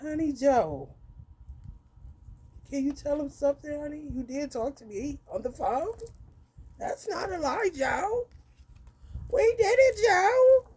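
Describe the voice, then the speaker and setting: A woman hosting an unscripted live stream as a tarot reader. She talks bluntly and with a lot of swearing, calls listeners honey, and swings between loud outbursts and low muttering. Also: lively intonation, slow, pauses often.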